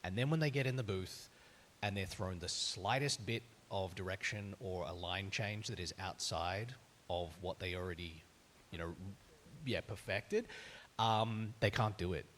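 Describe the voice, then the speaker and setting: A man's voice: low-pitched, unhurried, fairly bright tone, slight background noise. A man with an Australian accent, a voice actor speaking on a live panel and telling candid, self-deprecating stories about auditions.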